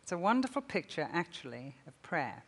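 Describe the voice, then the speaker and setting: An older woman delivers a sermon in a storytelling manner, often breaking into laughter. Her voice sits a little low. The sound carries the long reverb of a large hall. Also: very animated, a little fast, breathy edge. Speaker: speaker.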